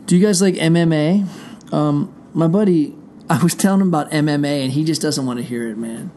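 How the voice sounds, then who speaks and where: A man's voice: fairly high pitch, fairly quick, mellow, slight background noise. A middle-aged man hosting his show from a room indoors, talking straight to his listeners in a rambling, profane, digressive monologue. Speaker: show host. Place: indoor room behind a closed door.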